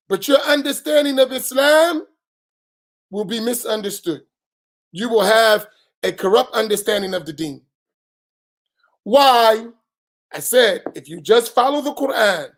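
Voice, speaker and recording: A middle-aged imam, giving an emphatic post-dawn-prayer talk full of rhetorical questions and bursts of raised voice. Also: male voice, high voice, fairly bright tone. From United States.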